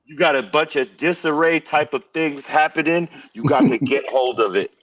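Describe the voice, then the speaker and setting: A man voicing a blunt, swearing middle-aged male record label boss who talks gruffly and forcefully. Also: a little high, normal speed, distant mic, muffled recording. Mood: firm.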